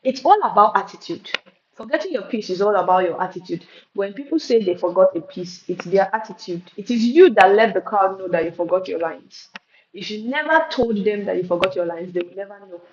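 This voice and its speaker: A woman leads a live poetry lesson and leans hard on key words, often restarting mid-phrase. Her voice sits in the middle of the range. The recording sounds muffled, with a steady hiss behind her. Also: medium pitch. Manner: emphatic, repeats words and restarts, drawn-out stresses. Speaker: poetry teacher. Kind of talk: live spoken-word lesson answering questions. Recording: roomy, dull and noisy.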